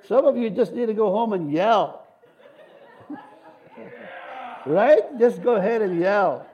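A middle-aged man preaching a sermon, animated, shouting amens and cheers and slipping in joking asides. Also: high voice, takes it slowly, pauses often, breathy edge, dull audio. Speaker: pastor.

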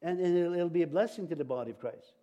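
A male preacher giving a sermon, halting and restarting often, with light jokes. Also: on the high side, animated, mellow, dull audio.

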